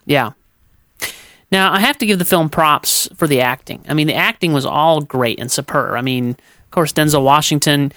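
A man's voice: a little high, moderate pace, pushed and bright, dry recording, studio quality. A man co-hosting a movie podcast, giving candid opinions in a casual chat and often stammering and restarting his sentences. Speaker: podcast co-host. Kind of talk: casual movie review discussion.

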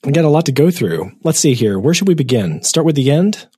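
A man's voice: a little high, big pitch swings, a little fast, warm tone, slightly rough. A man co-hosting a casual movie podcast, trading jokey, teasing banter. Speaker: podcast co-host.

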